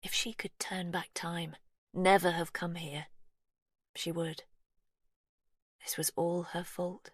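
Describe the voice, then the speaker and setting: Female storyteller for an audiobook; low, hushed and measured, dry studio read. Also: level tone, creaky, no echo. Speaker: narrator. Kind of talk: scripted audiobook narration.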